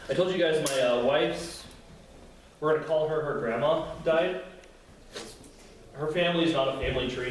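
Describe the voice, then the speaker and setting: A man's voice: medium pitch, slight background noise. Young male youth teacher, casual lesson tone, heard from far off in a very echoey room with faint ambience. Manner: conversational, acts out quotes with feeling.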